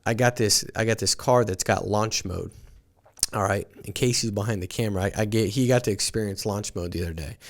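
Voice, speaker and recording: A man's voice: on the low side, a little fast, gravelly. A man hosting a morning podcast, telling stories in an earnest motivational talk and often restarting with repeated words. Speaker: podcast host and sales team leader.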